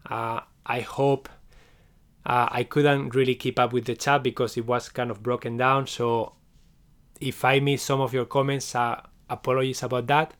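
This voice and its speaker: A man hosting a live session as a meditation teacher, speaking gently and encouragingly, often checking in with "okay?" and restarting his phrases. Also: mid-range voice, little pitch movement, moderate pace, smooth. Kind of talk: live stream closing talk.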